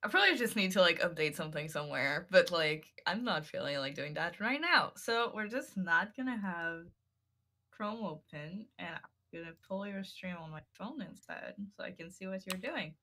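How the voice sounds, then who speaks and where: A woman chats casually while streaming, rambling bluntly and swearing now and then. Her voice is bright and forward, sitting slightly low for a woman. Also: expressive, normal speed.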